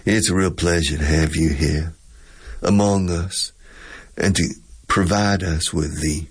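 A man putting on a flowery Georgia gentleman. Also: deep voice, husky, full character voice. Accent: Southern US (Georgia, South Carolina). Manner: slow, ornate and drawling. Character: genteel, flowery Southern gentleman.

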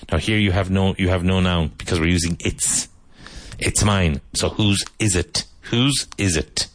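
A man leads a lesson on the radio, saying each example sentence twice with careful emphasis. His voice sits very low and he slowly. The sound is dry and close. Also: no echo. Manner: slow, deliberate repetition of example sentences. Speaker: English teacher. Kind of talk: radio English lesson, drilling phrases.

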